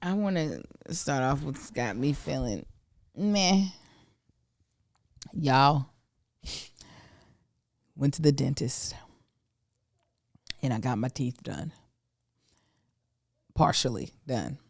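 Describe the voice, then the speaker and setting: A middle-aged woman co-hosting a podcast, chatting casually with an animated, teasing manner. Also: extremely low pitch, takes it slowly, creaky, pauses often, no room sound, studio quality. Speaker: podcast co-host. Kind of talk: casual chat.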